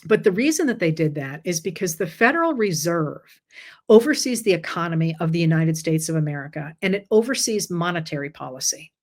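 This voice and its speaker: A woman with a fairly low voice hosts a relaxed explainer chat. She sounds tired and walks through each point patiently and conversationally. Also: fairly quick. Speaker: host.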